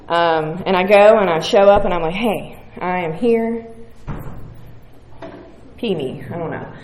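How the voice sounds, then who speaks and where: Lowish and darkish in tone, this West Virginian woman's voice carries a candid, profane, self-mocking recovery share at a meeting. The roomy hall has a faint audience and a little hiss or hum.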